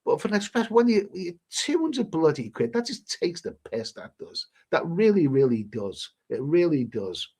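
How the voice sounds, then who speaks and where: A middle-aged man with a British accent chats loosely through viewer messages on a livestream. His voice sits a little high, and he rambles, restarts and swears mildly as he goes. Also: big pitch swings, normal speed, hardly any pauses, darkish tone, breathy edge. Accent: British English. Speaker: travel vlogger hosting a livestream. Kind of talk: casual livestream chat reading viewer messages.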